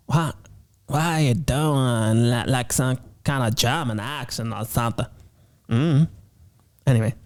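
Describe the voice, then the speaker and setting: A man's voice: medium pitch, unhurried, a little mellow. A man hosting his show in a playful, goofy way, talking casually from a home studio. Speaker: show host.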